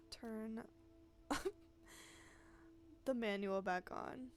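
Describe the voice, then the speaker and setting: A woman's voice: mid-range voice, very animated, moderate pace, gravelly. A woman gamer giving casual, sarcastic commentary while she plays, swearing freely, over game music. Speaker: let's play gamer.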